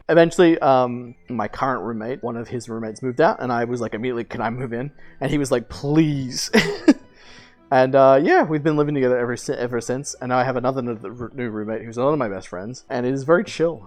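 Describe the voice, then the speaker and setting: Rambling young male streamer, slightly high voice. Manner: rambling, frequent "like" fillers, laughs and swears. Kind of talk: casual storytelling chat.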